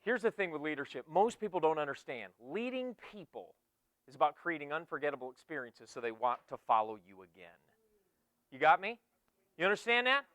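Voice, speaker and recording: A man in his forties giving an energetic motivational keynote talk to students, joking and teasing the crowd, swinging from loud bursts to hushed asides. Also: a little high, fairly quick, no echo, clean studio sound. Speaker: keynote speaker. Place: conference hall with a student audience.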